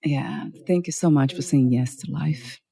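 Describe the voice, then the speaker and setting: A woman hosting an interview, reflective and encouraging, with many soft affirmations. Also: rumbling low, unhurried, vocal fry. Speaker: interview host. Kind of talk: interview conversation.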